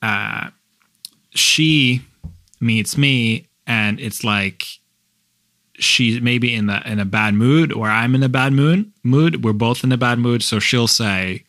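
Halting man with a dry sound. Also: mid-range voice, fairly bright tone, no room sound. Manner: halting, many restarts and fillers. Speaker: husband in a couple's talk. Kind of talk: casual conversation.

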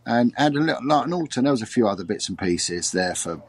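A middle-aged man, a former detective telling a personal story in an interview, halting and repeating his words. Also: mid-range voice, lively intonation, slightly rough, no room sound. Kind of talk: emotional personal testimony.

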